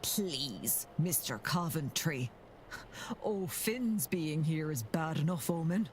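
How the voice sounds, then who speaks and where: A woman's voice: low voice, lively intonation, slow, slight background noise. An actress playing a stern woman of a manor household who speaks in a firm, reproachful way.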